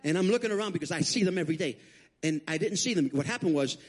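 A man from Rico, preaching a storytelling sermon as a guest speaker in a church, acting out his quotes with big leaps in voice. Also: fast talker. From Puerto Rico. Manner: animated, acts out quotes with big pitch jumps. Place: church sanctuary.

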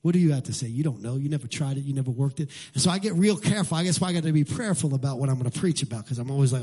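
A man preaching a sermon as pastor, building to shouted lines. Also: medium pitch, expressive, rapid-fire, few pauses, breathy edge.

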